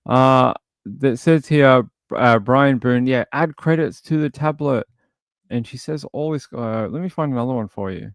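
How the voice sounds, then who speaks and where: A man hosting a casual livestream scrolls through material, chatting and thinking aloud. He speaks a little slowly at medium pitch, with no room sound.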